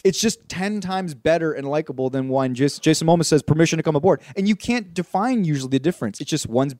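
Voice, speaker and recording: A man's voice: fairly high pitch, animated, a little fast, darkish tone, no room sound, clean studio sound. A man co-hosting a podcast, talking casually and rambling about a film, swearing now and then. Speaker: podcast co-host. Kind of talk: casual movie discussion.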